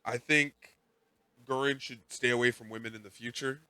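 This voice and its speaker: Recapping an episode on a casual podcast he co-hosts, this man rambles animatedly, now and then slipping into character quotes. His bright, forceful voice is medium-pitched, clear and resonant at a normal speed, captured by a close, dry mic with no echo or room sound.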